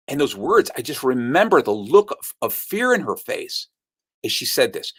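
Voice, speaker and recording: A man's voice: on the high side, brisk. A man telling a story as a sales speaker, acting out what people said. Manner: animated storyteller who acts out the quotes. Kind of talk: storytelling talk.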